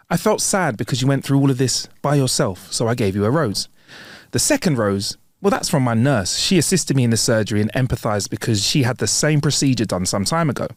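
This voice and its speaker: Podcast co-host, man, lively voice, dry close mic, brisk joke delivery. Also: medium pitch, no echo. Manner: reads jokes briskly, laughs at punchlines. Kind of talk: casual joke-telling chat.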